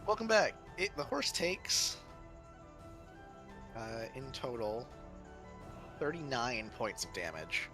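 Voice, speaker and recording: A man's voice: medium pitch, huge pitch swings, slow, long pauses, music in the background. A man running a tabletop game as game master over an online voice call, laid-back and laughing often, with hesitant fillers.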